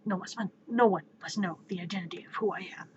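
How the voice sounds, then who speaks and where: A woman voicing a brooding, secretive male vigilante with a strained, breathy whisper. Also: lowish voice, fast, lo-fi sound, a little hiss or hum, close to an everyday voice. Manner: dramatic, secretive.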